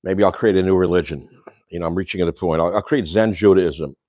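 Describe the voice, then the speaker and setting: Speaking quickly in a very deep, darkish voice, an older man runs a casual livestream from his home kitchen. His rambling rant is full of insults and Yiddish slang, captured in a lo-fi recording that is dry and close without room echo.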